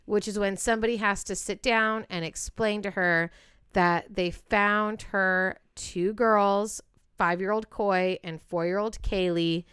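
A woman's voice: mid-range voice, steady tone, a little slow, a bit bright, clear, resonant tone, no room sound, clean studio sound. A woman co-hosting a podcast, recounting a true crime case bluntly and with profanity. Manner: blunt, profane, builds to heated outbursts. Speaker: podcast co-host.

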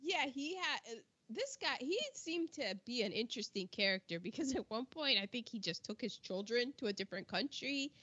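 A woman co-hosting a casual film discussion, telling the plot in an animated, exclamatory way and throwing in slang. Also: fairly high pitch, fairly quick, few pauses, slightly rough, muffled recording. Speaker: podcast co-host.

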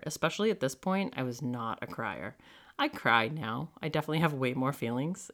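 Chatty podcast host telling a story. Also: mid-range voice. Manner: chatty, heavy use of "like" fillers; frank and animated, with some swearing. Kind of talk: casual personal storytelling.

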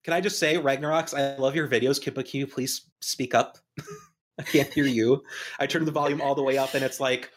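A man co-hosting a live-streamed chat who tells jokes excitedly and acts out little bits between bursts of laughter. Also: medium pitch, moderate pace. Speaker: podcast co-host.

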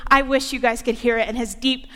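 A woman's voice: on the high side, fairly even intonation, fairly quick, a bit bright, in a large hall. A young woman preaching a sermon, playful and joking as she talks.

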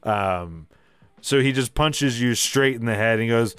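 A man's voice: mid-range voice, measured pace, fairly bright tone, smooth, no room sound. A man narrating a tabletop game as game master, rambling with many fillers and laughing asides.

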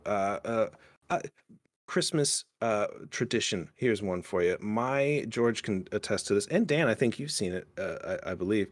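Young male podcast host, low-pitched, loose and rambling, swears freely, plenty of restarts. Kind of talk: casual chat.

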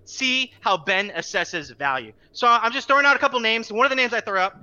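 A young man co-hosting a podcast, ranting fast and profanely in a high, sharp, forceful voice. He sounds exasperated and heated. The recording is dull and lo-fi. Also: expressive, clear, resonant tone. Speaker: podcast co-host. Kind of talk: ranting casual chat.

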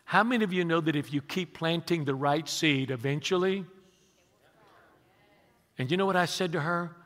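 Bright-voiced older pastor preaching in a hall. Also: male voice, on the high side, moderate pace. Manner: emphatic, rallies congregation with questions. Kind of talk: sermon. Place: large church sanctuary. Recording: long reverb of a large hall.

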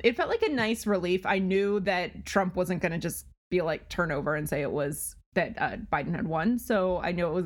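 A woman co-hosts a podcast in relaxed, chatty conversation. She fills her talk with ums and likes, and her voice sits a little low for a woman. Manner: chatty, with frequent "um" and "like". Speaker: podcast co-host. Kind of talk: casual chat.

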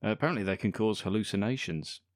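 Lively low-voiced man joking about a film. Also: normal speed, dry recording, studio quality. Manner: jokey, laughs often, teasing banter. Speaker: podcast co-host. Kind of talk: casual film review chat.

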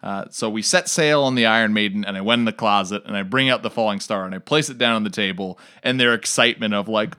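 Lowish man telling a lively story. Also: fast talker, hardly any pauses, clean tone. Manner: animated storyteller. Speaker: game master and ministry worker. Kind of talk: casual chat.

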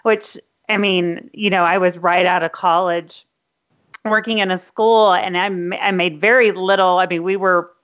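A woman's voice: on the low side, steady tone, normal speed, dull audio. A woman co-hosting a podcast, telling a personal story with emotion and getting teary. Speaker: podcast co-host. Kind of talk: casual podcast chat.

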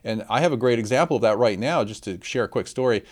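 A man's voice: medium pitch, lively intonation, fast. A man hosting a podcast, summing up his guest's story with enthusiasm and moving into his own example. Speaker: podcast host. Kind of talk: interview talk.

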